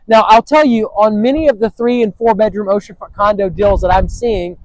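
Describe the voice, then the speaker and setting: Male host, high pitch, dry close sound, enthusiastic sales patter. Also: fairly even intonation, fairly quick, a little mellow, dry recording, rough recording. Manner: upbeat salesy, repeats phrases. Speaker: host and real estate agent. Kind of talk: interview and property walkthrough.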